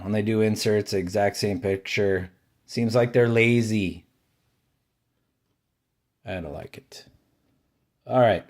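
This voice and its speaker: A man hosting his own card-collecting video, giving casual running commentary as he opens packs and names each card, grumbling and cheering by turns. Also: lowish voice. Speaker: card collecting channel host.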